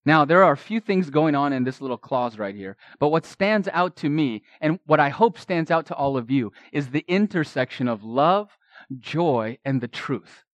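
A man preaching an expository sermon in a church, earnest, building up to loud emphatic lines and then dropping to quiet ones. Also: a little high, lively intonation, moderate pace, dry recording. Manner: earnest preaching that swells for emphasis and drops soft. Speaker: pastor.

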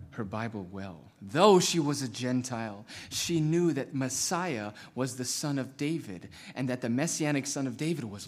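Husky guy preaching a sermon, gets loud then drops to a whisper. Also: lowish voice. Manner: dramatic, swinging from loud to hushed. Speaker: pastor.

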